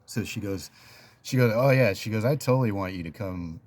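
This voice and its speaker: A man's voice: on the low side, a little fast, a little mellow. A man casually telling a personal story in a chatty, rambling way, full of fillers and little laughs.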